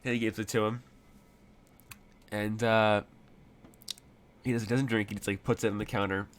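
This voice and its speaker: A man's voice: lowish voice, level tone, normal speed, clean tone. A man narrating as game master of a tabletop game, rambling with frequent fillers and restarts.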